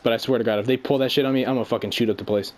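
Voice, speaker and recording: A man's voice: medium pitch, fairly even intonation, racing. A young man angrily venting to a friend, swearing and rambling through a story. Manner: angry, profane, rambling storytelling. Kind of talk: casual rant on a call.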